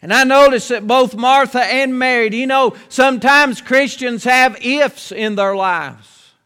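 A man preaching a sermon in an earnest way, repeating key phrases with slow, weighty pauses. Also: very high voice, bright, forceful tone, smooth, in a large hall.

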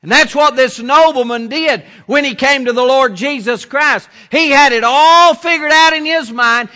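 A man preaching a sermon as pastor, slow and deliberate, repeating his phrases. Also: very high voice, sharp tone, big-room sound.

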